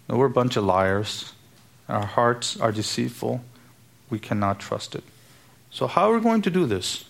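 Male pastor, mid-pitched and gravelly, preaching emphatically. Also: expressive, moderate pace. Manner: emphatic preaching with rhetorical questions. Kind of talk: sermon.

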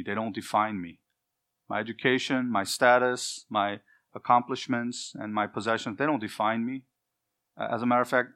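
A man's voice: medium pitch, fairly bright tone. A middle-aged man preaching an expository sermon, earnest and emphatic, building his points in repeated lists.

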